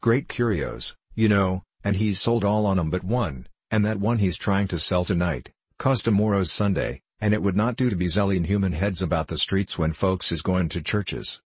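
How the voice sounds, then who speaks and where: A man's voice: sits low, moderate pace, hardly any pauses, slightly rough, dry recording. A man voicing a folksy, sly old male innkeeper in an audiobook, with a rustic drawl and dropped word endings.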